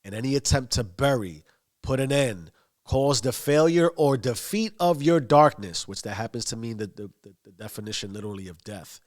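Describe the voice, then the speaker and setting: A man's voice: mid-range voice, expressive, normal speed. A man giving a motivational monologue, emphatic and given to long lists. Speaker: motivational speaker.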